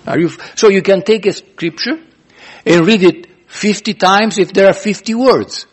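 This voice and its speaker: A man's voice: high voice, moderate pace, husky. A man pastor teaching a sermon in an earnest, repetitive way, often restarting phrases.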